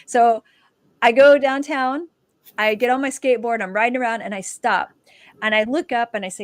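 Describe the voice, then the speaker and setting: A woman, a dancer and author, telling her personal testimony as a guest and lively acting out the quoted dialogue. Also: on the high side, fairly quick, no room sound.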